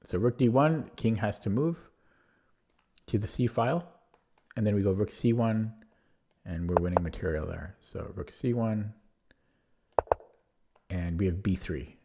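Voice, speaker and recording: A man streaming chess puzzles, thinking aloud with a husky, strained voice, often correcting himself. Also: on the low side, dark tone, a little hiss or hum. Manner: muttering, self-correcting, quick laughs.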